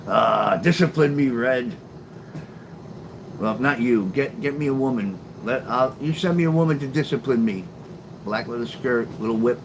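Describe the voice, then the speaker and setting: A man's voice: medium pitch, normal speed. Profane, chatty male live streamer, noisy background. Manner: talks back to chat, profane and sarcastic. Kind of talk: casual late-night livestream chat. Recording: steady background noise.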